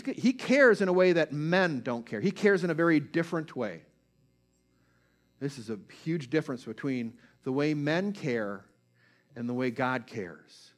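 Male preacher, slightly raised pitch, talky sermon delivery that checks in with the congregation. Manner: conversational, checks in with listeners; retells scripture stories with feeling.

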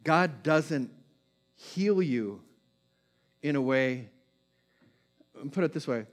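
A man delivering a sermon as a pastor, moving between quick bursts and slow, hushed phrases. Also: on the high side, expressive, faint music behind.

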